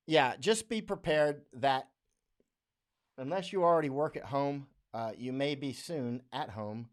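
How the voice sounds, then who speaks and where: An American man hosting a casual livestream, reading viewer comments aloud on a studio microphone, talking bluntly and rambling, with frequent laughs. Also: mid-range voice. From United States. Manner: rambling, blunt, laughs often, mocking voices when quoting others.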